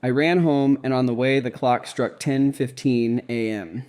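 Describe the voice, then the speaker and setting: A man narrates a devotional diary in the first person, reading at a calm, measured pace. His voice is mellow and darkish, with an even, unhurried delivery. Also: mid-range voice.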